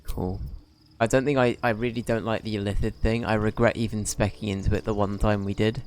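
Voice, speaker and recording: A man's voice: fairly low pitch, little pitch movement, a little fast, darkish tone, a little hiss or hum. A man streaming a video game, chatting casually and laughing often. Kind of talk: casual gameplay commentary.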